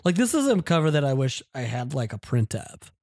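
A man's voice: mid-range voice, very animated, vocal fry, a little mellow, dry recording. A man with an ordinary mid-range voice co-hosts a casual podcast chat. He talks eagerly, often restarting his sentences. The recording is dry and close. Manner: enthusiastic, halting with restarts. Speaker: podcast co-host. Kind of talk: casual chat about a comic book.

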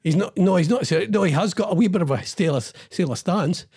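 A man co-hosting a casual chat over a video call, running quiz games and talking haltingly with lots of fillers. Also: high voice, lively intonation, darkish tone, breathy edge. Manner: chatty, halting with many fillers. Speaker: co-host.

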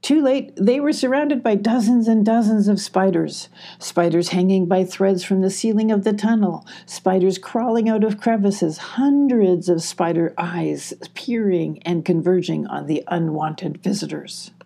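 A woman narrating a children's audiobook in a measured, gentle way. Her voice is husky and mellow, with a gravelly edge. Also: mid-range voice. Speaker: audiobook reader.

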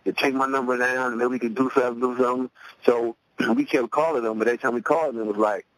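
A middle-aged man from Cleveland, a rapper guest, telling a story casually, often repeating words as he restarts, and lifting his pitch to act out quoted voices. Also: fairly even intonation, quick pace, no room sound, low-quality recording. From Cleveland, USA. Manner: loose, repeats words while restarting sentences.

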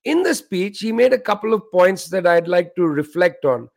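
High-voiced man hosting a news show. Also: animated, creaky, a little mellow. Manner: measured, emphatic, with frequent fillers. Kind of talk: news commentary.

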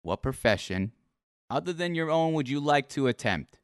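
A man hosting an online interview show, asking set questions and bursting into excited praise. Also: mid-range voice, moderate pace, dry recording, clean studio sound. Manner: animated, breaks into excited laughing praise. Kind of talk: casual online interview over voice chat.

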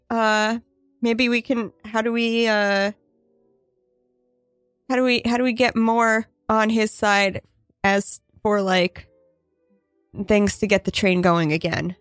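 Inquisitive woman player, halting speech. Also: mid-range voice, no echo. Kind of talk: tabletop role-play.

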